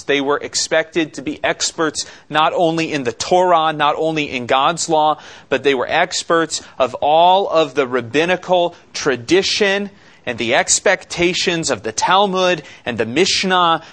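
Slow, deliberate male preacher. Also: on the high side, fairly bright tone. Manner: slow, deliberate preaching with dramatic pauses and rhetorical questions. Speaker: pastor. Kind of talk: expository sermon.

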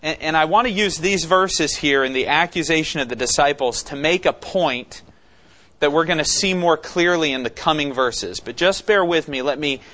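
A man delivering an expository sermon in a somewhat high voice. He teaches conversationally, putting questions to the congregation and acting out quoted lines with growing intensity. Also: normal speed, sharp tone. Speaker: pastor.

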